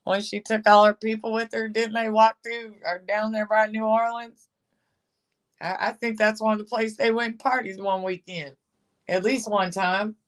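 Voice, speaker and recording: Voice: medium pitch, little pitch movement, normal speed. A livestream host chatting casually and sarcastically about online personalities, greeting commenters and often laughing. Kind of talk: casual gossip commentary, reading chat.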